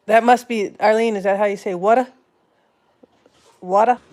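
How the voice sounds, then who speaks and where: A chatty woman hosting a home livestream, her voice sitting at an ordinary middle pitch. She reads viewer comments aloud and playfully repeats words back as questions, trying out how they sound. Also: fairly even intonation, fast, a little mellow. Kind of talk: casual live-stream chat.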